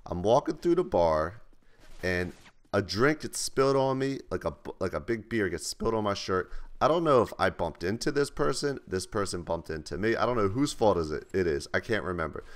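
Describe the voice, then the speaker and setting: A man's voice: on the low side, animated, normal speed. A young man and vlogger, casually telling loose, profane stories with many restarts. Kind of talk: casual storytelling to camera.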